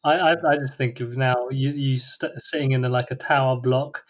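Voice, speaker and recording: A man's voice: medium pitch, fairly even intonation, normal speed, few pauses. A man hosting a podcast in casual chat, laughing often and teasing his guest. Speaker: podcast host.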